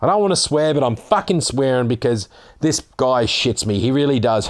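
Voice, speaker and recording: A man's voice: mid-range voice, expressive, normal speed. An Australian man ranting sarcastically as a vlogger, reading out a news article and swearing as he gets heated.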